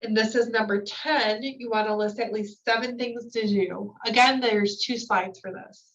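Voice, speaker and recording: A woman's voice: fairly high pitch, fairly even intonation, moderate pace, a bit bright, a little hiss or hum. A woman giving a recorded staff training lecture, reading points from slides and then explaining them in casual, filler-laden asides. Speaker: new-hire trainer. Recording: distant mic, dull lo-fi sound.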